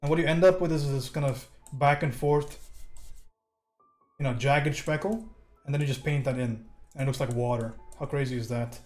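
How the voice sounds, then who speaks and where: A man's voice: medium pitch, fairly even intonation, moderate pace, darkish tone. A man giving a casual live painting critique, joking loosely, swearing and answering his chat while he works. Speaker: livestreaming art instructor. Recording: roomy echo, faint background music.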